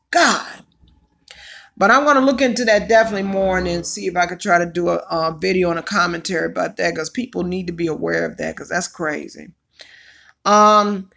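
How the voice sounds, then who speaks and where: A woman hosting a casual livestream, chatty and hoarse from allergies, exclaiming and calling out to her viewers. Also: medium pitch, a bit bright. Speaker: livestream host.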